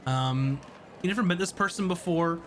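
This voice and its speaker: A man running a tabletop game as game master, narrating in a rambling, halting way full of fillers. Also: high voice, slight background noise.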